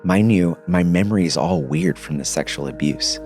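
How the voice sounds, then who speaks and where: A man in his thirties, a podcast guest giving a casual, animated personal testimony, dropping slang as he talks. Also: low voice, moderate pace, faint music behind. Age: 30s.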